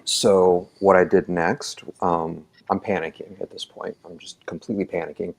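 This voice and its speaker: On a podcast, an EMT tells a long personal story in a low, steady voice with vocal fry and a moderate pace. The telling is casual and rambling, packed with fillers and restarts, and he performs the quoted dialogue.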